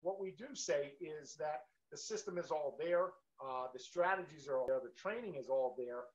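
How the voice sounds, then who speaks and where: A man co-hosting a live marketing stream, pitching in an emphatic, motivational way. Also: moderate pace. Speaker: co-host of a marketing webinar. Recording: dull, lo-fi stream audio.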